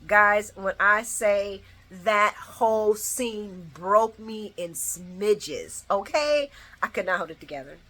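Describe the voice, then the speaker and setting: Bright-voiced woman recapping emotionally. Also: mid-range voice, lively intonation, takes it slowly. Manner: emotional, rambling, shouts at the screen. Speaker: soap opera recap host. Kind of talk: casual spoken recap.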